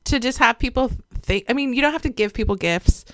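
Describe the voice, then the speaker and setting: A woman with a bright, forward voice tells stories in a relaxed chat. Her pitch sits a little high, and she laughs often as she goes. The sound is close and dry, with no room in it. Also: fast, no echo. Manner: animated, laughs often while telling stories. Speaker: podcast guest. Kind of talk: casual storytelling conversation.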